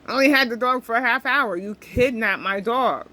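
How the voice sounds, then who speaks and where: A woman's voice: fairly high pitch, moderate pace, pushed and bright, rough recording. A young woman venting to camera, upset and rambling, often repeating herself. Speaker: vlogger.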